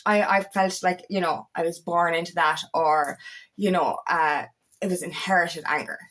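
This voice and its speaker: A woman's voice: fairly low pitch, fairly even intonation, normal speed, fairly bright tone. A woman, an empowerment coach, talking candidly and emphatically, swearing often and sometimes raising her voice. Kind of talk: candid personal monologue.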